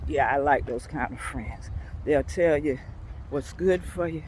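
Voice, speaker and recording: An older woman gives a devotional talk outdoors, earnest and unhurried as she shares stories. She speaks very slowly and lets her words land. Faint street and traffic sounds sit low behind her. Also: darkish tone, rough recording. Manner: slow, earnest, unhurried storytelling. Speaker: devotional host. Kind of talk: devotional talk on a scripture verse.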